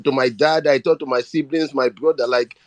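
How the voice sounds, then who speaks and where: A man's voice: medium pitch, steady tone, fairly quick, no room sound. A man with a Nigerian accent speaking earnestly and emotionally on a live audio chat, often repeating himself. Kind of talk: impassioned appeal.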